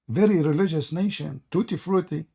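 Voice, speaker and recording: A sarcastic man runs a live debate, his voice sitting a bit high with a warm, mellow tone. He is hoarse from hours of talking and keeps mocking in a sing-song way. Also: normal speed. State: losing his voice. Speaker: host of a live debate stream.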